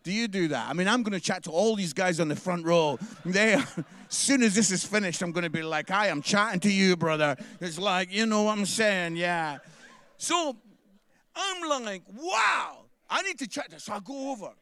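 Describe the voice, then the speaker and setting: A man's voice: sits high, lively intonation, normal speed, a bit bright. A man from Scotland with a Scottish accent doing a chatty stand-up comedy set, tagging his lines with "yeah?".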